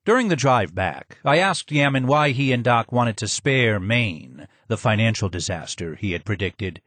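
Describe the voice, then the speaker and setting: A man narrating an audiobook in a steady, measured reading. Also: on the low side, dry recording.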